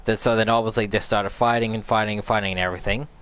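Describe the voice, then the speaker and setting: A man's voice: on the low side, fairly even intonation, rapid-fire, fairly bright tone, clean tone. A man host casually recapping a video game story, rambling and repeating filler words as he recalls events. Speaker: gaming channel host.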